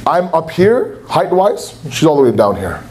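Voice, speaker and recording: In a lecture hall at a religious center, a young male preacher gives a passionate sermon, dramatizing quotes loudly. His fairly high, darkish voice swings hugely in pitch at a normal speed, with slight background noise.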